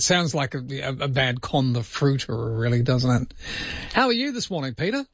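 A man's voice: mid-range voice, expressive, moderate pace, no echo, lo-fi sound. A man with an Australian accent hosting an overnight talkback radio show, chatting in a rambling, self-deprecating way.

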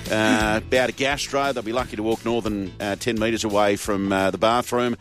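A man's voice: lowish voice, steady tone, normal speed, fairly bright tone, faint music behind. An Australian man hosting a sports radio show, reading ads live and telling jokey, matey stories. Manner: jokey, matey storytelling with fillers. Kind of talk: casual radio banter and live ad reads.

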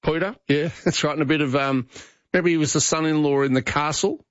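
A man's voice: on the high side, a little fast, no room sound. A middle-aged Australian man hosting talkback radio, chatting in a rambling way with restarts. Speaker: radio host. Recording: dry, slightly dull studio sound.

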